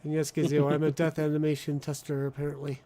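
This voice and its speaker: A man chats casually while streaming a video game. He thinks aloud and rambles, often restarting his sentences. His voice is mellow and relaxed, and sits a little high for a man. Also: fast. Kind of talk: casual gameplay chat.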